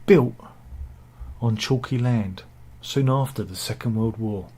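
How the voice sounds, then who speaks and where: A man's voice: medium pitch, a little slow, dark tone, slightly rough. A man giving casual satirical news commentary, full of wry self-mocking asides and mock-dramatic quips. He talks over pictures he shows. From England.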